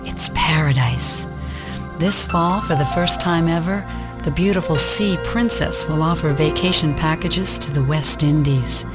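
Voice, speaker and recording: A woman reading scripted radio commercials in a soft, smooth selling tone. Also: sits low, unhurried. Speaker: commercial voiceover. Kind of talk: scripted ad reads. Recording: ad clips with loud music bed.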